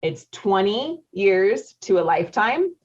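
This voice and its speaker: A woman's voice: mid-range voice, big pitch swings, slow. A woman in her forties, a marriage coach hosting a live webinar, chatty, laughing often and quizzing her audience. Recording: dull lo-fi audio.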